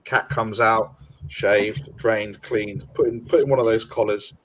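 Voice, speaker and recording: A man's voice: fairly low pitch, steady tone, measured pace, fairly bright tone. A man, co-hosting a casual podcast, telling a rambling anecdote with many fillers and acted-out quoted dialogue. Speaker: podcast co-host. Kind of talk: casual chat.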